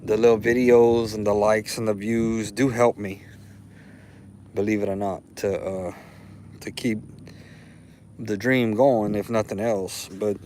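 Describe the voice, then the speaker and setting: A man's voice: on the low side, little pitch movement, unhurried, long pauses, warm tone, a little hiss or hum, low-quality recording. A man from Louisiana with a Louisiana accent, hosting a casual livestream, rambling and heartfelt, repeating himself as he talks. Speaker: livestream host. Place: outdoors.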